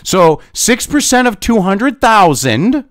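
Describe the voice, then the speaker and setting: A man's voice: sits high, sing-song, slow pace, a bit bright, no room sound, studio quality. A man hosting political commentary, reading through an article and ranting with profanity and sarcasm.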